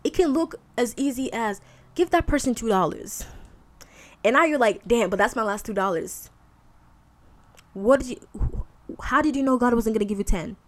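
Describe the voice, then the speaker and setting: A woman's voice: on the high side, normal speed. Candid woman in casual faith talk. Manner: candid, conversational, colloquial with frequent fillers. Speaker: podcast host.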